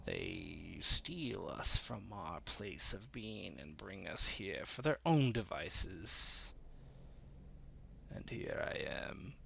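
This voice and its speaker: A man voicing a male-voiced otherworldly spirit who has possessed a young woman. The spirit talks in a guttural, slow, quiet and aloof way. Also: sits low, expressive, creaky, slightly rough, heavily acted. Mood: cold, weary.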